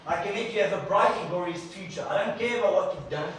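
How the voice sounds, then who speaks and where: A man's voice: high voice, fast talker, a bit bright, slight background noise, pitched above the performer's own voice. A man preacher voicing God, reassuring and promising support. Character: reassuring, calm divine male voice. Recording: echoey church from a distant mic.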